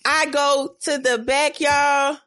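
A woman's voice: high voice, flat delivery, takes it slowly, bright, forceful tone. A woman telling a dramatic story as a podcast guest, profane, acting out quoted lines with big jumps in her voice. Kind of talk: animated storytelling.

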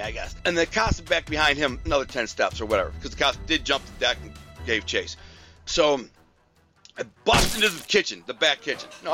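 A man with a bright, forceful voice rambles through a personal story, piling up slang, fillers and restarts. Faint music plays softly behind him. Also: fairly high pitch.

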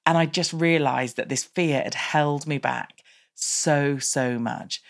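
Low-voiced British woman telling a candid story. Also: gravelly. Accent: British English. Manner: candid, animated storytelling with quick bursts. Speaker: business coach and speaker. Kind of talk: personal storytelling monologue.

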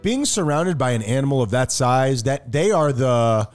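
A man's voice: medium pitch, lively intonation, normal speed, soft background music. A man co-hosting a podcast, trading casual banter with jokey, provocative outbursts. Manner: joking, provocative, exaggerated outbursts. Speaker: podcast co-host.

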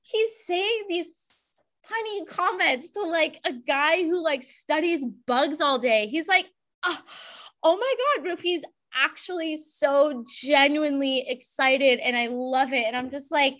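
A woman's voice: high-pitched, a little slow, fairly bright tone. A young woman hosting a podcast, chatting in a bubbly, rambling way with lots of "like". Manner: bubbly, chatty, heavy use of "like". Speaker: podcast host. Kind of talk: casual podcast conversation.

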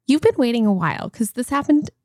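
Podcast co-host, woman, 40s, animated storyteller, bright higher voice, dry close sound. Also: fast, no echo. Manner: animated storytelling, laughs often. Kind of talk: casual chat.

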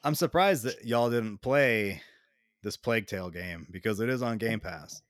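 A young adult man co-hosting a casual podcast chat, ranting in a slow drawl and swearing freely. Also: on the low side, no echo, studio quality. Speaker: podcast co-host.

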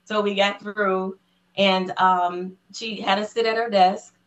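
A woman guest on an interview podcast, excitedly telling a personal story in casual conversation. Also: mid-range voice, takes it slowly, muffled recording. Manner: excited storyteller who acts out the voices of people in her story.

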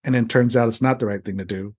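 Husky man, casual guest, tells stories with lively retelling. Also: mid-range voice, fast. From United States. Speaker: interview guest. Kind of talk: casual storytelling.

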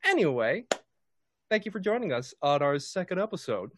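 A man's voice: on the high side, big pitch swings, moderate pace, background noise. A man hosting and running a tabletop game stream in a casual, jokey, playful way. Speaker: dungeon master and host. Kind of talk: casual live-stream chat.

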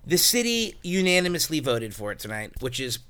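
A man hosting a casual podcast chat, excitable and jokey. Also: mid-range voice, a little fast. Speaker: podcast host, distillery owner.

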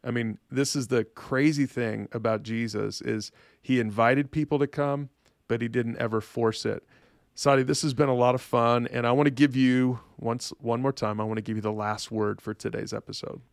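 A man's voice: medium pitch, steady tone, normal speed, gravelly, no echo, studio quality. A man hosting a faith podcast, speaking earnestly and directly to his listeners. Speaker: podcast host.

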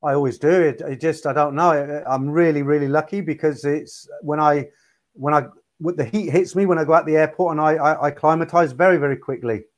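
A man's voice: a little high, a little fast. A man who is a guest on a livestream chat show, asking questions with frequent restarts. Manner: inquisitive, hesitant restarts. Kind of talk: casual chat.

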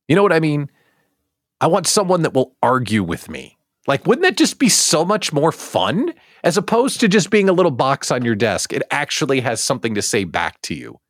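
Guy hosting a livestream show, super lively pitch, jokey, lots of "right?" questions, dry close sound. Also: normal speed, no room sound. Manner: animated, joking, rhetorical questions. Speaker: host.

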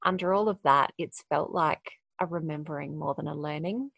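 Gravelly-voiced woman, candid and reflective. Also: sits low, moderate pace, a bit bright, no room sound. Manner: candid, reflective, laughs often. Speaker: podcast guest, coach. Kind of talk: casual conversation.

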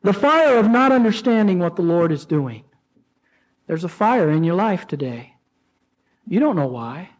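A man preaching a sermon to his church, with rising emotional pleas and dramatic pauses. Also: high voice, big pitch swings, husky, poor audio. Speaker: pastor.

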